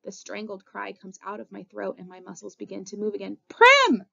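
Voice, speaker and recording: A woman narrating a novel in the first person with expressive, dramatic reading, on a dull lo-fi recording. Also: medium pitch, a little fast, creaky. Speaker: audiobook reader. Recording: dull lo-fi audio.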